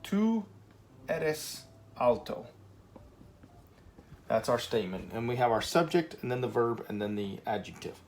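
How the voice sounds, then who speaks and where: A man gives a laid-back lesson as if at a whiteboard. He talks in an easygoing way, pausing with fillers and often checking that the class is following. His voice sits at an ordinary middle pitch. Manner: relaxed, chatty, many fillers and "okay?" checks. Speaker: Spanish teacher.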